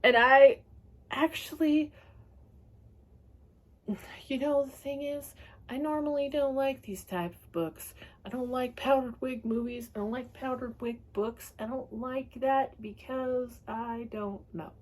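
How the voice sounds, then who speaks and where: A woman's voice: sits high, steady tone, measured pace. A woman giving a casual, ranting book review, talking in a chatty, sweary way and laughing often.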